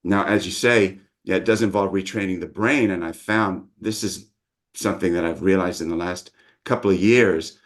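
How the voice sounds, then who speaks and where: A man's voice: sits low, normal speed. A middle-aged man, a dialect coach, patiently explaining his teaching methods in an interview.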